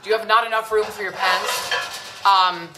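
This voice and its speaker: A woman's voice: mid-range voice, fairly even intonation, normal speed, echoey room, heavy background noise. A woman hosting a home cooking show, chatting casually and gushing, calling her viewers sweetheart and lovies. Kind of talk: casual cooking demo chat. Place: home kitchen.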